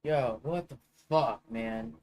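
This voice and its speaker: A man's voice: mid-range voice, slow pace, a little mellow. A man giving live commentary as he plays a geography guessing game, rambling and swearing in exasperation. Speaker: streamer.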